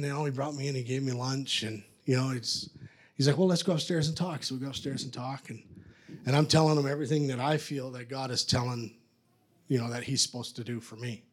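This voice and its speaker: A man from Canada tells his testimony as a preacher, talking at an ordinary middle pitch. He rambles, restarts himself and pokes fun at his younger self as he goes. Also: darkish tone. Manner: rambling, self-mocking storyteller. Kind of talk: testimony storytelling.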